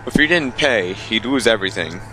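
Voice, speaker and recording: A man's voice: on the low side, animated, brisk, bright, forceful tone, faint music behind. Young man reading aloud with wry asides. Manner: wry asides, stumbles over the text. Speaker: let's player. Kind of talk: reading a visual novel aloud with commentary.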